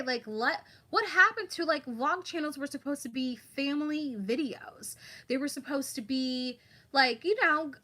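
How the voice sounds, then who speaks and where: A woman's voice: high-pitched, bright, forceful tone. A woman hosting a casual livestream, chatting about online drama and reading viewer comments aloud.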